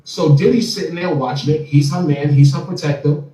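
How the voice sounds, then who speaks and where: A man telling a long story as an interview guest, animated and often repeating words as he starts sentences. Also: fairly high pitch, brisk. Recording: echoey room, far from mic, faint music.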